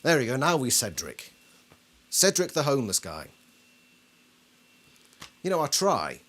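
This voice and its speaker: A man's voice: medium pitch, wildly swooping pitch, unhurried, fairly bright tone. A man hosting a casual commentary video, talking things through and asking his viewers questions. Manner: conversational, asks the audience questions. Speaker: video host.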